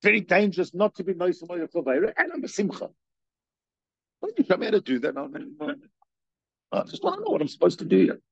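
Male teacher, fervent questioning delivery, swooping high voice, dry muffled recording. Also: fast talker, vocal fry, long pauses, breathy edge, no room sound. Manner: animated, rhetorical questions, repeats himself. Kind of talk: spoken Torah lecture.

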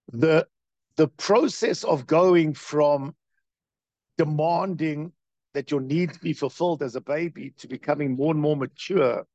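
A man giving a Torah class as its teacher, in an animated, questioning way full of rhetorical questions. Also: on the high side, gravelly, no echo, lo-fi sound.

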